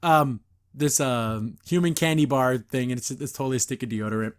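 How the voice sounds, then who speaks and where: A middle-aged man hosting a podcast, reviewing a cartoon in casual, rambling chat full of "like" and "uh". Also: mid-range voice. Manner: rambling, lots of "like" and "uh", quick put-on voices when recapping scenes.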